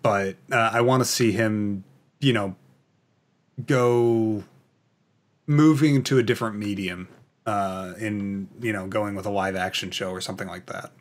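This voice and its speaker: A man's voice: lowish voice, fairly even intonation, measured pace. A man from Canada hosting a casual podcast, reading out viewer comments in a rambling, filler-heavy, enthusiastic way. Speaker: podcast host.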